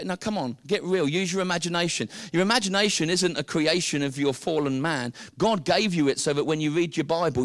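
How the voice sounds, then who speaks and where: A British man preaching a sermon, telling the story with lively, acted-out dialogue. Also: fairly high pitch, fairly quick, hardly any pauses, no room sound, studio quality. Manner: animated storytelling, acting out the characters.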